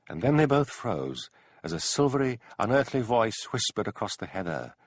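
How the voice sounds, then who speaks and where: A man narrates a mystery audiobook with a low, gravelly voice that rises and falls widely. The sound is close and dry, like a studio booth. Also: moderate pace, no room sound. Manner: expressive storytelling with character voices.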